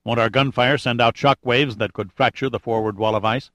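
A man's voice: medium pitch, steady tone, brisk, a bit bright, dry recording, natural voice. A man reading a wry, sceptical geologist.

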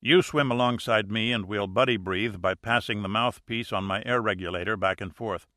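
A calm, wry male diver , read by a man narrator, speaks with dry understatement. The voice sits low yet bright and forceful. The recording is close and dry, like an audiobook. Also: moderate pace, no echo. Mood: instructive. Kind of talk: audiobook character reading.

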